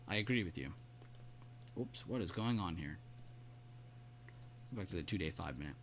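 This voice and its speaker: Guy on a trading livestream, lowish voice, casual chart talk, bit of hum in the background. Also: animated, moderate pace. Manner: casual, chatty, praising viewers by name. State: hiccups. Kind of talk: live market commentary.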